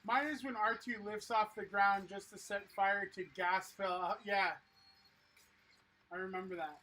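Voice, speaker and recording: A livestream host chatting casually while building a set and answering viewers, excitable and enthusiastic, with lots of fillers. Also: mid-range voice, a little slow. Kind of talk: casual chat reading viewer comments. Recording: slightly distant mic with faint noise.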